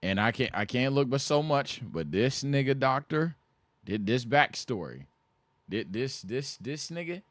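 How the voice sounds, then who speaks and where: A young man giving loose, animated commentary on an anime, full of slang and repeated words when he gets excited. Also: medium pitch, a little slow, dry recording. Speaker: anime reaction streamer.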